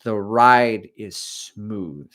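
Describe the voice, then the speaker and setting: Speaking from home, a middle-aged man hosts a casual livestream as a running coach, chatting and rambling while he answers viewer comments about running. His voice sits lowish and a bit bright, with drawn-out words.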